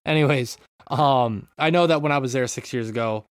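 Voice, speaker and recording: A man's voice: mid-range voice, a little fast, clean tone, no echo. A man in casual podcast chat, chatty and long-winded, with a mid-range voice recorded dry and close. He explains things in detail and keeps saying sorry. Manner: apologetic, chatty, explaining at length. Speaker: podcast host. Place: home room in a city with street protests outside. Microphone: remote call, mutes mic.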